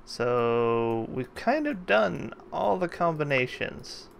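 A man's voice: fairly high pitch, very animated, slow, creaky, slight background noise. A man hosting a let's play, giving casual, jokey gameplay commentary and thinking aloud as he plays.

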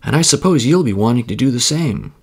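A man voicing a kind, patient, motherly female bear in a storybook read-aloud, in a soft, low, gentle voice. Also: expressive, fairly quick, husky.

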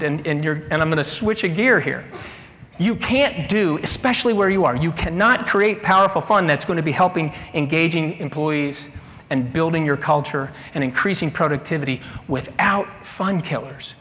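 Man, middle-aged, keynote storyteller, animated, acts out characters, bright high voice. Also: moderate pace. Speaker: keynote speaker. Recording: echoey hall with long reverb.

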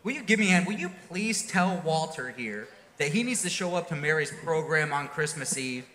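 A man's voice: on the high side, expressive, fairly quick, pushed and bright. A man acting a teasing, playful friend in a church stage drama, needling his buddy. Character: teasing wisecracking friend of the biker. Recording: reverberant hall sound.

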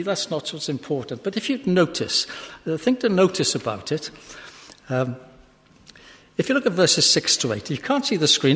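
Man, slightly high voice, thoughtful Bible talk to a group, soft asides and emphatic bursts, long hall echo. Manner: reads scripture aloud with emphasis. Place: hall with a live audience.

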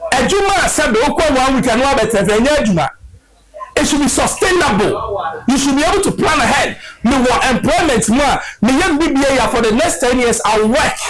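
A man with a Ghanaian accent gives an impassioned political speech, shouting rhetorical questions and slipping into Twi phrases. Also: very high voice, poor audio. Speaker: political commentator. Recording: loud music bed behind voice. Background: loud music.

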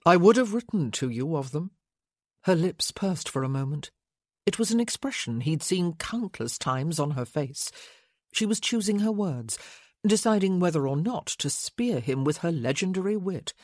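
A woman narrating a romance audiobook in a measured, intimate reading. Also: on the low side, animated, darkish tone, no echo, clean studio sound. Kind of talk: scripted narration.

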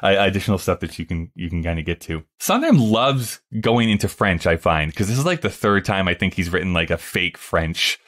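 Low-voiced man chatting on a podcast. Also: lively intonation, fairly quick, few pauses, fairly bright tone. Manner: chatty, many fillers, reads lyrics aloud. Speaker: podcast host. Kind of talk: casual discussion.

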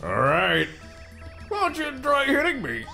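A man's voice: very high-pitched, huge pitch swings, a little slow, exaggerated voice. A man voicing a brash villainous male turtle king who taunts crudely and gloats. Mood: gloating. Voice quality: gravelly, gloating. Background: game music.

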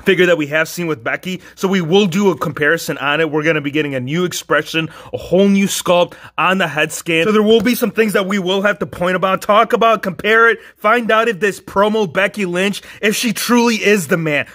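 A man's voice: sits high, brisk, hardly any pauses, pushed and bright. A man casually reviewing wrestling action figures, chatty and upbeat, talking straight to his viewers. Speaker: toy reviewer.

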